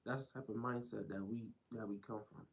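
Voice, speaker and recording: A man's voice: on the low side, fairly even intonation, brisk, vocal fry, low-quality recording. A man live-streaming, reacting to clips in a blunt, rambling way that circles back over the same phrases. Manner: blunt, rambling, repeats himself.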